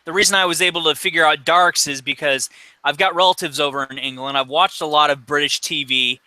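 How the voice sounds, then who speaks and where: A man's voice: a little high, fairly even intonation, brisk, bright, forceful tone, dry recording, low-quality recording. A man speaking as a guest in casual chat, matter-of-fact.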